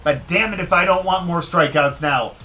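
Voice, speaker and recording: A man giving casual let's-play commentary on a baseball video game, excitable and talking straight to the game as he cheers and groans at each pitch. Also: moderate pace, faint music behind. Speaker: gaming video creator.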